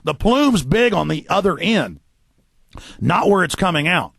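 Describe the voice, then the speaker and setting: A man hosting a radio talk show, ranting fast and forcefully, tripping over repeated words. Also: high-pitched, very animated, creaky, slightly rough, no room sound. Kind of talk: heated radio monologue. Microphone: studio microphone.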